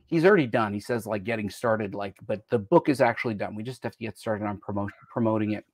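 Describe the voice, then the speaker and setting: Fast and lowish, an American man hosts a casual live stream, rambling and jumping topics mid-sentence. The sound is dry and clean, as from a studio.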